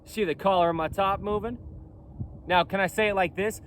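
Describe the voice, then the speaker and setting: A man speaks outdoors in a casual vlog, his pitch rising and falling in lively swings. He is emphatic and insistent and keeps repeating his points. Faint wind and traffic sit behind him. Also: moderate pace, long pauses. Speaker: clothing company founder. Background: faint wind and traffic noise.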